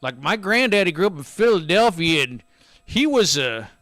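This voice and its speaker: Bright, dry-voiced ranting podcast man. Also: sits high, very animated, moderate pace, dry recording. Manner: profane, ranting, storytelling. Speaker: podcast co-host. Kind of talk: casual sports chat.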